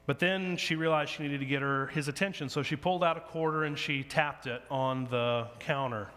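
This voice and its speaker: A man's voice: on the high side, normal speed, a bit bright. A man preaching a sermon, animatedly telling a story and acting out the dialogue of its characters. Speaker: pastor. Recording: long hall reverb.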